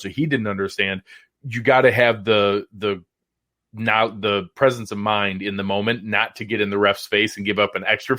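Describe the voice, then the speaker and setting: A man's voice: on the low side, a bit bright, no echo, clean studio sound. A man co-hosting a post-game sports talk show, breaking down plays in emphatic detail. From Buffalo area. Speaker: podcast co-host.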